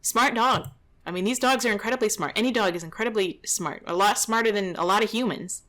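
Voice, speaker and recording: Woman dog trainer, mid-pitched, reacting to footage with indignant, exasperated commentary. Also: brisk, a bit bright. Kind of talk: reaction commentary over a video.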